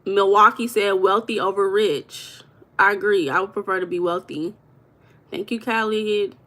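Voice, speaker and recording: A woman's voice: mid-range voice, fairly even intonation, normal speed, pushed and bright. A woman hosting a live stream, chatting casually and reading viewers' comments aloud with an affectionate manner. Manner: affectionate, calls viewers baby.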